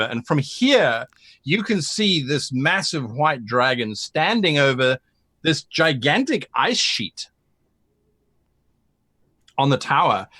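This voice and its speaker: A man's voice: mid-range voice, a bit bright, no echo. Man narrating as game master. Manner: stammering repetitions while narrating.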